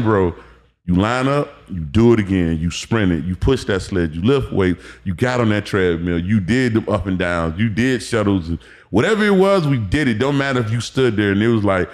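A man in his thirties from Miami, a former pro football player, telling stories as a podcast guest in a loose, animated way, acting out quotes and swearing freely. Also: on the low side, brisk. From Miami, Florida. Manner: animated, acts out quotes, profanity, repeats words. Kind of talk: casual storytelling interview.

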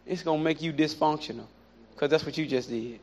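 A man preaching a sermon, animated and repetitive, with playful asides. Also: fairly high pitch, a little fast. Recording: dull lo-fi recording.

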